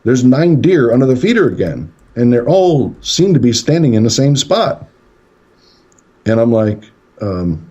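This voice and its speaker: A man's voice: mid-range voice, sing-song, normal speed, mellow, breathy edge. A man, a paranormal investigator and radio guest, rambling through a story and acting out the quotes. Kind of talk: casual storytelling on a radio show. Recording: dull lo-fi radio call.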